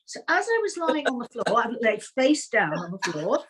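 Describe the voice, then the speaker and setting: A woman's voice: high voice, very animated, normal speed, hardly any pauses, fairly bright tone, breathy edge. An older woman co-host, telling a story in a chatty way and stumbling over her words. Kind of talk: casual chat.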